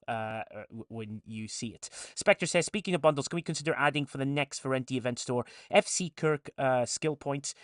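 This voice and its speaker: A man's voice: a little high, no room sound, clean studio sound. A man hosting a casual live stream, reading viewer chat comments aloud and answering them with frequent restarts.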